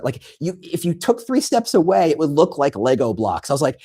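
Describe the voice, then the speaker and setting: A man with a husky, breathy edge to his voice talks through his ideas in a lively, bouncing pitch. He stumbles and restarts often, and slips into little acted-out quotes to make his point. He sounds like an animated guest on an interview show. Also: a little fast, few pauses. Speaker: guest expert on recruiting. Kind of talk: conversational interview.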